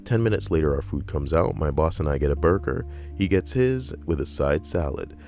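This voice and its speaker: A man's voice: a bass voice, expressive, moderate pace, a little mellow, soft background music. A young man reading stories aloud and breaking off into sarcastic, profane, rambling asides. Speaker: story reader and commentator.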